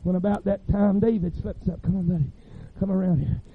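High-voiced Southern revival preacher. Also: male voice, fairly even intonation, fairly quick, husky. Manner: fervent, punctuated with constant amens. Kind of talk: revival sermon. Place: church service. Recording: dull lo-fi recording.

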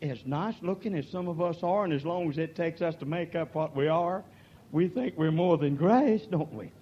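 An older man preaching a sermon, moving from quiet folksy talk to shouted, drawn-out peaks. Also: fairly high pitch, dull audio, slight background noise.

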